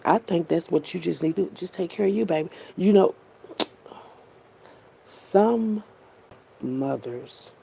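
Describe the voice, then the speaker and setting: Woman vlogger talking to her viewers, gravelly and kinda husky, lots of slang and cussing, repeats herself a lot. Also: sits low, warm tone. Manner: repetitive, slangy and profane, addressing viewers directly; heartfelt, often pausing to collect herself. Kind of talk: emotional unscripted monologue to viewers.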